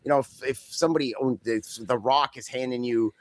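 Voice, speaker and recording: A man's voice: mid-range voice, fairly even intonation. Rambling, jokey male podcast co-host. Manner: rambling, jokey, does quick silly voices. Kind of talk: casual wrestling chat.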